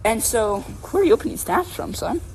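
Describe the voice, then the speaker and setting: A young woman co-hosting a podcast, telling a long story in a casual, animated, rambling way with lots of fillers and "right?" checks. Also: fairly high pitch, fairly quick, a little hiss or hum. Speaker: podcast co-host.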